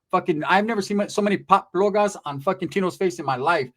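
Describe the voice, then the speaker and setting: A male comedian telling a story at a breakneck clip, his voice swooping all over in a fairly high register. He is profane and animated, tagging his lines with a questioning "right?". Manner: animated, rapid, profane, keeps asking "right?".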